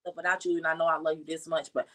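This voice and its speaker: A woman guest in a casual talk show chat, telling stories in an animated, slangy way. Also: low voice, racing. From Chicago area. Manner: chatty, animated storytelling with slang.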